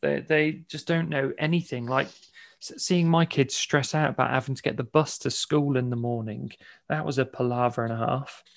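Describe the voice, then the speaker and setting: A middle-aged man, hosting a casual podcast chat, croaky as he loses his voice. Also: mid-range voice, fairly even intonation, normal speed. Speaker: podcast host.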